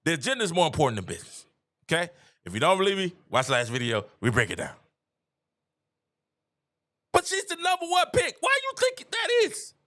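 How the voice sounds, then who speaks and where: A middle-aged man hosting a live stream, ranting casually to his viewers in an animated, preachy way and repeating phrases for emphasis. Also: fairly high pitch, brisk, pauses often. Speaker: live-stream show host. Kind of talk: casual opinion rant to viewers.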